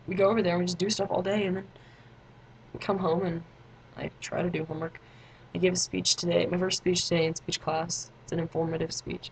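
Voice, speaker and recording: A woman's voice: lowish voice, gravelly, slight background noise, rough recording. A teenage girl vlogging in a rambling, chatty way, full of fillers and side notes. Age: teens. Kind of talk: casual chat to camera.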